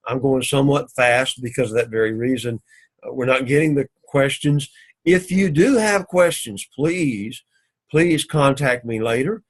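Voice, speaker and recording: A man teaching an introductory Greek class, explaining grammar methodically and reading Greek phrases slowly. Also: medium pitch, husky. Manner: methodical, repeats "again" often, reads Greek slowly. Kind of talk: recorded classroom lecture. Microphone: camera recording of a lecture.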